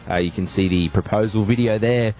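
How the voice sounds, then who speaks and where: A man's voice: fairly low pitch, steady tone, brisk, dark tone, soft background music. A young Australian man co-hosting drive-time radio, teasing and chatting casually. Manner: teasing, loose, easygoing. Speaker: radio co-host. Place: radio studio.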